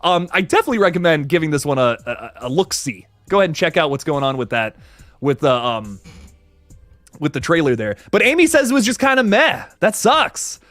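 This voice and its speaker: Young male streamer, upbeat and slangy, pitched a bit high and very animated. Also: brisk, no room sound, soft background music. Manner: upbeat, chatty, laid-back slang. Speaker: livestream host reading chat. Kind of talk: casual live chat.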